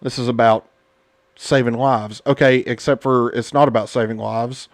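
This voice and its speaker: He's an American father hosting a laid-back political podcast, talking bluntly, indignantly, and with many fillers. His medium-pitched voice keeps a steady tone at a moderate pace. The recording is studio quality with no room sound.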